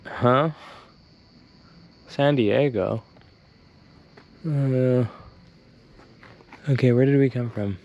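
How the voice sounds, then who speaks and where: A man's voice: mid-range voice, drawn-out words, pauses often, darkish tone, highs cut off. A young man vlogging casually to an action camera while walking outdoors at dusk, rambling and joking as he talks to the camera. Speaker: travel vlogger. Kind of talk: casual vlog talk to camera. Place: outdoors on hillside streets at dusk. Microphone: handheld action camera.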